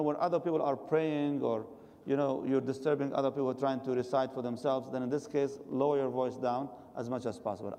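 A man's voice: medium pitch, warm tone, long reverb tail. A man giving a religious lecture and answering questions from the audience, advising his listeners directly. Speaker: religious teacher.

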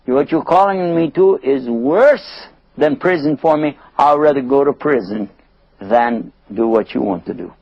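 A man's voice: medium pitch, measured pace, no echo. A man voicing a steadfast young prophet who firmly refuses temptation, on a dull lo-fi recording.

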